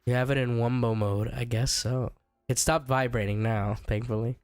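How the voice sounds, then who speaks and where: A young man streaming a game who is sick and sounds rough. He chats casually, reads chat aloud and jokes with viewers. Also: medium pitch, fairly even intonation, normal speed, no room sound, clean studio sound, faint music behind. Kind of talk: casual chat while gaming.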